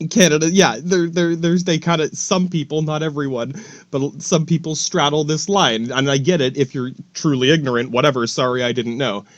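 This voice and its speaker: A man's voice: medium pitch, no room sound. A man rambling through a profane political monologue, full of restarts and asides. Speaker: podcast host.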